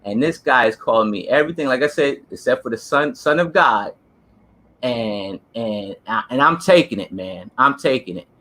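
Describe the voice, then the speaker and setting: A man tells a story in a casual, earnest, emphatic way. His voice is bright and forceful at a middle pitch. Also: expressive, normal speed. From New Jersey. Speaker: co-host, former police officer.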